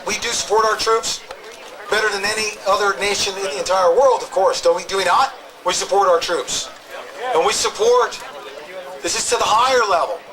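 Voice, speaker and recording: Brief: high-pitched male host working a loud outdoor crowd, emphatic, rambling. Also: rough recording. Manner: emphatic, rambling, repeats "okay?". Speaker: talk show host interviewing protesters. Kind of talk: open-mic crowd address.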